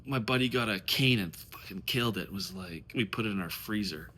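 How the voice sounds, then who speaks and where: A man's voice: lowish voice, fairly quick, pushed and bright. A man who coaches on dating, talking casually to the camera in a passionate, rambling rant full of swearing.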